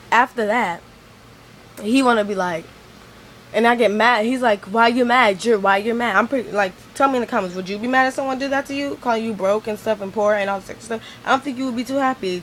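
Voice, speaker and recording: A woman's voice: medium pitch, a bit bright, a little hiss or hum, rough recording. A woman venting in a rambling vlog monologue, filling her talk with "like" as she retells an argument. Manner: rambling, venting, heavy use of "like". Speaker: vlogger.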